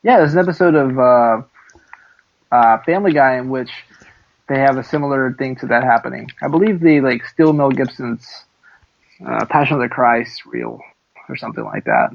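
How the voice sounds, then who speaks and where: A man's voice: medium pitch, moderate pace, creaky, highs cut off. A man co-hosting a casual podcast, joking and teasing his friend, rambling with fillers. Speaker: podcast co-host. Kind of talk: casual chat.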